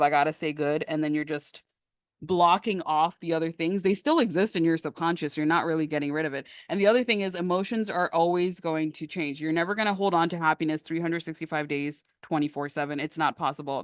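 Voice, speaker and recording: A woman coaching on a live stream in a lively, emphatic, conversational way, answering questions from the chat. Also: low-pitched, no echo, clean studio sound. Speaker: manifestation coach.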